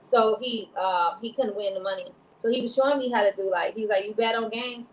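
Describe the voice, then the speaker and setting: A woman's voice: mid-range voice, a little fast, echoey room, a little hiss or hum, poor audio. A woman from Chicago co-hosting a casual talk show, rambling and laughing often. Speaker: co-host. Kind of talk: casual chat.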